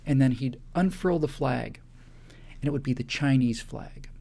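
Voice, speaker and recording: A man's voice: medium pitch, moderate pace, creaky, dark tone. A man hosting a live show, delivering an impassioned monologue that builds into emphatic repetitions.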